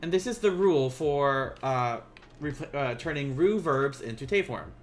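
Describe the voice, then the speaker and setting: A man teaching a casual live-streamed Japanese lesson, joking with viewers and slowing down to pronounce each word. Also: medium pitch, expressive, soft background music. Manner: playful, laughs and teases chat viewers; slows down to pronounce Japanese words.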